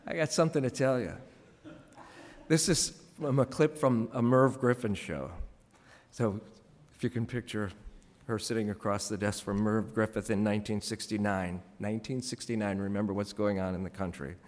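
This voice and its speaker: A man giving a scripted tribute commentary, telling stories in a wry, measured way. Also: on the low side, darkish tone, long reverb tail.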